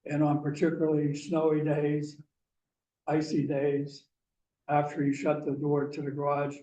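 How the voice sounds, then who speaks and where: A man from Pennsylvania giving a talk, telling a personal story slowly and deliberately. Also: fairly high pitch, monotone, dark tone. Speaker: guest speaker. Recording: echoey room, mic far off, faint hiss.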